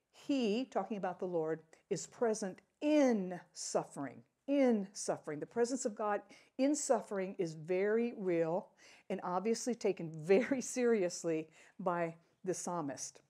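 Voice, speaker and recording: A woman teaching a Bible lesson to a class. She speaks deliberately, repeats key phrases for emphasis, and laughs at her own slips. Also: mid-range voice, dark tone.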